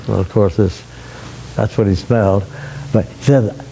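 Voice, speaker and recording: A man preaching a sermon, retelling a story in an unhurried, folksy way with frequent restarts and repeated words. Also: fairly low pitch, gravelly, mellow, breathy edge.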